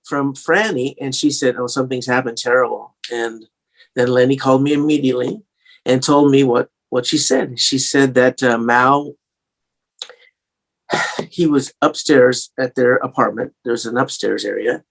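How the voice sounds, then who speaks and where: A man's voice: mid-range voice, a little slow, vocal fry. Guy with a bit of an english-sounding accent, rambling through old stories, lots of um and you know. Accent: slight English-tinged American. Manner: rambling, many fillers and restarts. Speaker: guest singer-songwriter. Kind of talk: casual storytelling interview.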